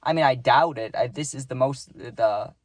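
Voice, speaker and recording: A man's voice: medium pitch, moderate pace, no echo. A young man telling a casual storytime, rambling with lots of "like" and "right?", and swearing freely.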